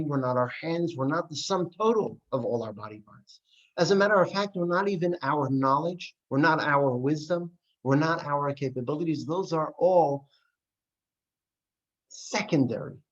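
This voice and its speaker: A man, a rabbi, teaching an adult class, asking rhetorical questions and telling stories with lively voices. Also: on the high side, moderate pace. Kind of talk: adult education lesson. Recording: dull lo-fi recording.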